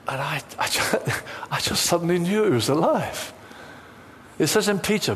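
A man preaching with an animated, storytelling delivery. His voice sits a little high and swings widely in pitch as he acts out quoted conversations. A faint hiss runs under the recording. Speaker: pastor. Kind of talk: sermon.

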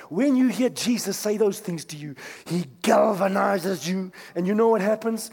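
A male pastor preaching a sermon, swinging from hushed tones to shouts. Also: high-pitched, lively intonation, normal speed, hardly any pauses, breathy edge, long reverb tail.

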